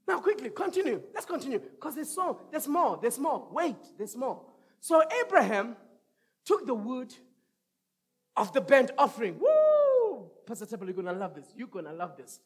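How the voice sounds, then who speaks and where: A male pastor preaching an energetic sermon, shouting lines for the congregation to repeat and whooping. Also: extremely high pitch, moderate pace, husky.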